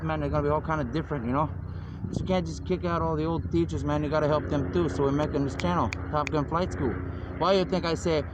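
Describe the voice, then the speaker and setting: A man who calls himself a minister, talking in a loose, meandering monologue and constantly adding "man" and "you know". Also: on the high side. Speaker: self-described minister. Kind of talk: rambling outdoor monologue. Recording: noisy outdoor street recording. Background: traffic and city noise.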